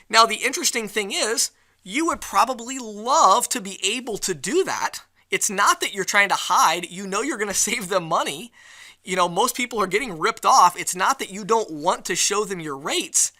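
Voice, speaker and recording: Bright-voiced male sales trainer. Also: sits high, normal speed. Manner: lively presenter acting out customer excuses. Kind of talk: live sales training presentation. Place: event venue.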